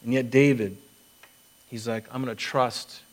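A man in the pulpit delivers his sermon with earnest conviction, acting out the words of others and stumbling into restarts as he builds a point. His voice sits at a mid pitch, neither deep nor high. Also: steady tone, unhurried, rough recording. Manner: earnest preaching with acted-out quotes and restarts. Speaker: pastor.

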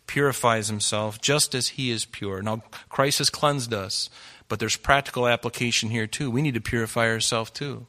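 A man preaching a sermon in a bright, forceful voice. He exhorts his listeners earnestly, rising loud on key lines and dropping to a hush on others. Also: medium pitch. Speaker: pastor.

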